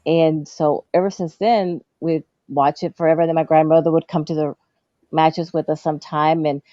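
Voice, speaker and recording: A woman tells long childhood stories in a loose, chatty way. She often acts out the people in them in a higher voice. The sound is dry and a bit dull. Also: steady tone, moderate pace, dark tone, no room sound. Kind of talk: casual storytelling chat.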